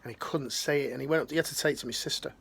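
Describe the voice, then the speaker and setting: Middle-aged man, ex-military life coach, gravelly, slangy and heartfelt, restarts a lot. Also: medium pitch, rapid-fire, a bit bright. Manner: earnest, slangy, rambling with restarts. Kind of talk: emotional motivational talk.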